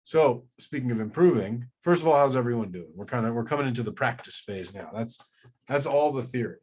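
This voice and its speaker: Male teacher, mid-pitched, patient, demos sounds slowly for a live class. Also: animated, darkish tone, husky. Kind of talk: live online language class.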